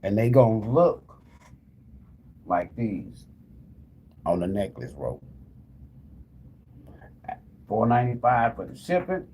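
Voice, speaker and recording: A man's voice: lowish voice, big pitch swings, slow pace, pauses often, darkish tone, husky. A man hosting a tarot live stream, chatting casually with viewers and repeating the same calls to them over and over. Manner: talks straight to the viewers as "y'all". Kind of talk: casual live-stream chat, giving away prizes.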